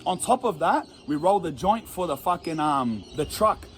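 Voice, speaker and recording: Australian man, high-pitched, rambling profane storyteller full of slang, laughs at himself. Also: expressive, moderate pace, fairly bright tone, slight background noise. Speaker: storyteller in an interview clip.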